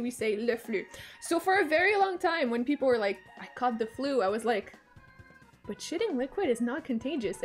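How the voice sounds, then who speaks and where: Giggly young Quebecois woman streaming a game. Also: a little high. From Quebec, Canada. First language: Quebec French. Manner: rambling, self-mocking, swears freely, giggly. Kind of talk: casual gameplay chat.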